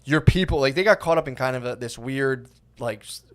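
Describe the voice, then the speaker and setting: Guy cohosting a podcast, mid-pitch voice, cussing a lot, goofing on stuff. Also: a little fast. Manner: swearing, mocking, lively storytelling. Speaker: podcast co-host. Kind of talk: casual chat.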